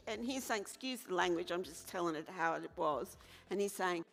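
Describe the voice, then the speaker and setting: A woman's voice: medium pitch, fairly quick, vocal fry, soft background music. A woman telling a frank, comic personal story to an audience. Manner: frank, comic, acts out quoted voices loudly. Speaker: speaker sharing lived experience. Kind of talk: animated storytelling.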